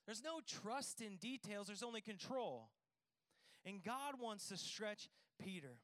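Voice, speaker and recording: Man, sermon, chatty and joking, acts out dialogue, high voice, dry recording. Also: lively intonation, a little slow, a bit bright, no echo. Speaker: pastor.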